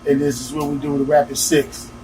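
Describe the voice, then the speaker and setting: A New man talking as a rapper guest on a casual podcast, his voice somewhat high. He asks questions and tells stories in a lively way. The mic sits far from him, and room noise runs underneath. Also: quick pace. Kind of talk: casual interview chat.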